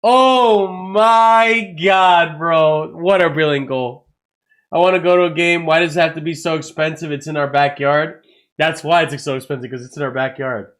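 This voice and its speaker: A man hosting a live football watchalong stream, excitable and swearing a lot, with loud outbursts at big moments. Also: a little high, a little fast. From United States. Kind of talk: live match reaction stream.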